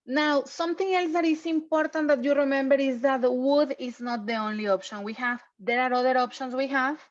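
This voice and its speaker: A woman teaching English over a video call, her plain as she walks students through grammar. Her voice sits a little high, and she keeps checking in with a patient "okay?". The sound is dull and lo-fi, like a muffled online class. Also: brisk. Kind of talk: online class review lesson.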